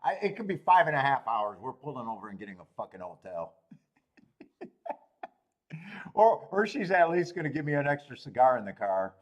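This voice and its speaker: A man's voice: medium pitch, big pitch swings, quick pace, lo-fi sound. A man hosting a live horse racing betting stream, chatting casually with viewers, swearing freely and laughing at himself often. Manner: profane, self-mocking, laughs often.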